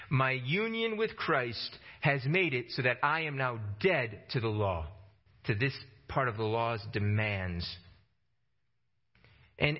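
A man preaching a sermon with passion, climbing to emphatic high peaks and dropping low for stress, often repeating words as he starts a phrase. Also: lo-fi sound.

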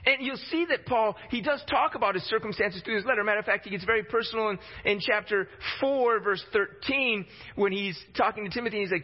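A man with a high voice preaches a sermon in a relaxed, talky way and slips into casual voices for quotes. His voice rings in a long hall echo, and the recording sounds dull and lo-fi. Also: fairly quick, few pauses.

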